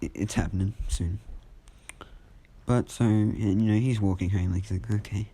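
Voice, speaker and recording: A young man casually retelling a fan story in a rambling, filler-heavy way. His voice is low and very dark, mellow rather than bright. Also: fairly even intonation, normal speed, breathy edge. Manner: rambling, full of fillers and restarts.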